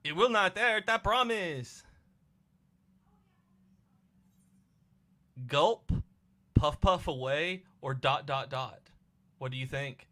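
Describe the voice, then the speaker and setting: A man voicing a flirty female spa attendant, slow, sultry and sing-song. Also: a little high, pushed and bright. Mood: teasing.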